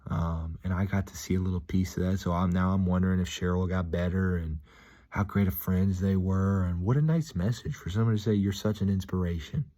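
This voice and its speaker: A man talking in a casual, rambling vlog monologue from a gym, upbeat and reflective, with frequent pauses. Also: sits low, steady tone, mellow. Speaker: vlogger.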